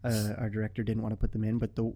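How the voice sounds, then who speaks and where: Young adult male guest, mellow tone, loose rambling chat. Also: on the low side, completely flat delivery, very fast. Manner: rambling, full of "like" fillers. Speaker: podcast guest. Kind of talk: casual chat.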